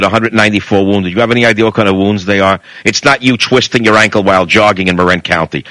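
A man's voice: lowish voice, sharp tone, no room sound, poor audio. A man hosting a talk radio show, delivering a blunt, combative monologue straight into the studio mic.

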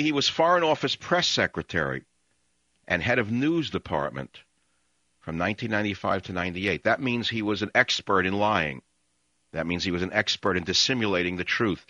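A man's voice: on the low side, pushed and bright, no room sound, dull audio. Angry man ranting on radio. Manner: angry, ranting, insulting, repetitive. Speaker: radio talk show host. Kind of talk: radio talk show rant.

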